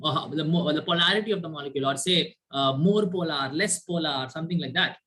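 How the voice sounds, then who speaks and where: Male teacher on a video call, bright, forward voice, constant "right?" checks while lecturing. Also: fairly high pitch, fairly quick. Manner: quizzes students, frequent "right?" tag questions. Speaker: chemistry teacher. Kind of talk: online class lecture.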